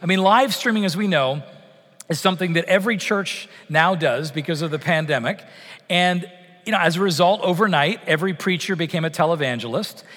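A middle-aged Canadian pastor preaches loosely and conversationally, with lots of fillers and restarts. His voice is high for a man, brisk and fairly bright, and a long reverb trails each phrase as in a church sanctuary.

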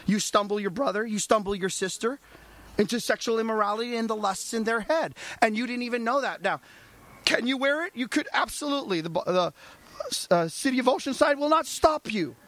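A man's voice: very high-pitched, fairly quick, a bit bright. A male pastor preaching a sermon, asking the congregation rhetorical questions and acting out little dialogues.

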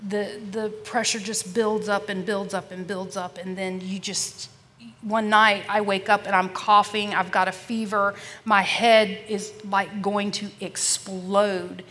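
Woman telling her testimony, says y'all a lot, goes quiet and hushed at times, mid pitch, reverby sound. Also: little pitch movement, unhurried. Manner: earnest, addresses listeners as y'all; often drops to a soft, hushed voice. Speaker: podcast guest. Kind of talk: personal faith testimony.

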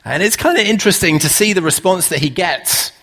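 A man preaching a relaxed, conversational sermon, full of "uh" fillers and rhetorical questions. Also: high-pitched, fairly quick.

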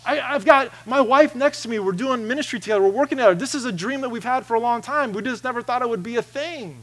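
A man's voice: extremely high pitch, quick pace. A man preaching a sermon in a church, earnest and conversational, often restarting his sentences as he roams the stage. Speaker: pastor. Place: church sanctuary.

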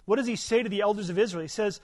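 A man's voice: high voice, racing, a little mellow. A middle-aged male pastor giving a sermon in a conversational, earnest storytelling way, often asking his listeners rhetorical questions.

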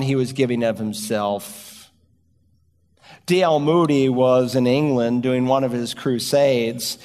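Preacher with a high-ish voice in a reverberant hall. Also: male voice. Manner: storytelling preacher, varied emphasis, slows for key words. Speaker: pastor. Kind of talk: sermon.

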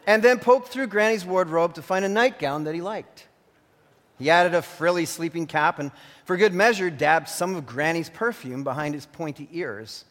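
A man's voice: on the high side, a bit bright. A man preaching a sermon as pastor in an earnest, warning manner, also narrating a story. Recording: long hall reverb.

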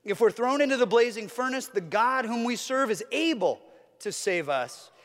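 A man's voice: very high voice, animated, moderate pace, long reverb tail. A man preaching a sermon as a pastor, earnest, with a repetitive, building cadence.

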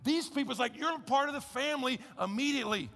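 A man preaching in a big hall, his voice high and gravelly. He talks to the crowd with an emphatic, conversational push, and a long reverb trails his words. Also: lively intonation, fast, sharp tone. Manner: emphatic, conversational preaching with repeated calls to listen. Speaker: pastor. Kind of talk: sermon.

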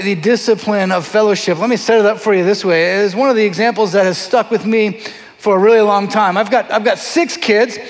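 A middle-aged man, a pastor, telling a story in a sermon with lively, animated delivery, often acting out voices. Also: high-pitched. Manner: animated, acts out voices in his stories. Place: large church hall. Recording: long hall reverb.

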